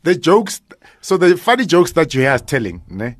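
Animated comedian, dry studio. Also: male voice, a little high, moderate pace, dry recording. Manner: animated, laughs often, acts out jokes. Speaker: stand-up comedian guest. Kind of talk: casual radio interview. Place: radio studio.

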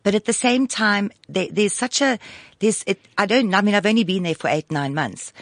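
A woman, chatting as a guest in a theatrical, animated way. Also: medium pitch, normal speed, dry recording. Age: 60s. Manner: theatrical and animated, jumps between voices. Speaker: guest, actress and estate agent. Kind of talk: lively casual interview chat.

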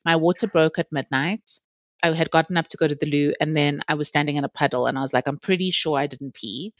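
A woman's voice: low voice, fast talker, no room sound. Woman in her thirties, podcast guest, candid storyteller who laughs often, dry and slightly dull lo-fi sound. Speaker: interview guest. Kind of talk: personal storytelling in a podcast chat.

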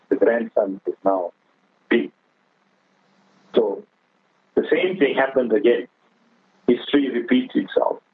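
Man, husky voice, earnest religious exhortation, heard through a tinny phone line. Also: mid-range voice, no room sound. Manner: earnest, exhorting, addresses the other speaker as Maulana; tells a moral story with quoted dialogue. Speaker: Islamic speaker on a radio talk show. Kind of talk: religious radio talk.

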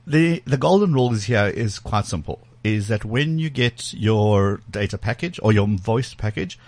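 Hosting a tech talk show on the radio, this man talks casually into a studio mic, his speech full of fillers and false starts. His voice is fairly low and a touch mellow, with lively intonation and a moderate pace, and the recording has no echo.

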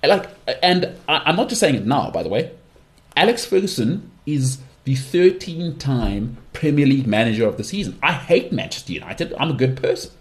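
A man with an English accent hosting his own podcast alone, giving strong opinions and often leaping into high-pitched mocking outbursts. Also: sing-song, moderate pace. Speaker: podcast host. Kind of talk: solo podcast monologue.

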